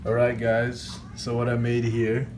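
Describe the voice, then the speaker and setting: Relaxed young man chatting outdoors. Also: mid-range voice, a little slow. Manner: relaxed, joking, with fillers. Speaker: vlogger's partner. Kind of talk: casual chat. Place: outdoors by a mountain lake. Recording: loud outdoor background noise.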